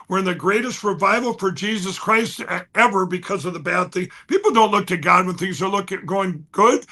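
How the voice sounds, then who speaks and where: Brief: man, high bright voice, restless storyteller who restarts phrases and jumps between loud and hushed. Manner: fast, restless, repeats and restarts, swings loud and soft. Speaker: guest. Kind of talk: excited conversational storytelling.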